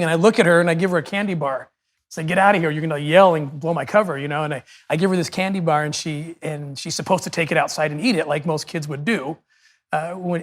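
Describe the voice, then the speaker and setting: A man's voice: on the high side, a bit bright. A middle-aged man, a podcast guest, telling an emotional story in a conversational, earnest way.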